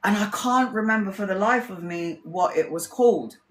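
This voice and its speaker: A woman's voice: mid-range voice, normal speed. A woman tarot reader telling stories in a casual livestream, candid and rambling, swearing freely. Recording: roomy echo.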